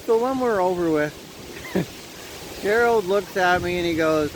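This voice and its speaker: Canadian guy vlogging outside, kinda high voice, chatty storytelling, a bit of wind hiss. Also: a little slow. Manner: chatty, laughs at his own story. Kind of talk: casual storytelling. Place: outdoors on a windy day. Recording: light wind noise outdoors.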